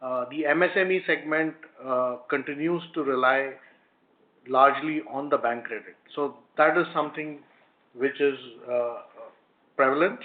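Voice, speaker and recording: A man, a company executive, explaining answers to analysts on an earnings call, with many pauses and fillers. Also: mid-range voice. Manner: hesitant, frequent fillers, explanatory. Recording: phone-line conference call audio.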